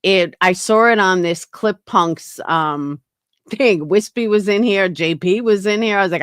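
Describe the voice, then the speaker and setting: A woman's voice: medium pitch, a little slow, clean tone, dry recording, clean studio sound. A woman hosting a casual livestream, talking bluntly with frequent swearing and answering her chat. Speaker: livestream host.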